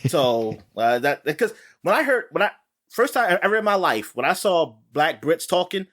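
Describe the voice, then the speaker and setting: Male podcast co-host, raised pitch, very lively, casual rambling chat. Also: moderate pace. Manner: animated, laughing, rambling with restarts.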